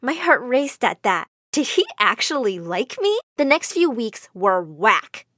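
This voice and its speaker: A woman narrating a first-person animated story in a dramatic, emotional way. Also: on the high side, a little slow, no room sound, clean studio sound.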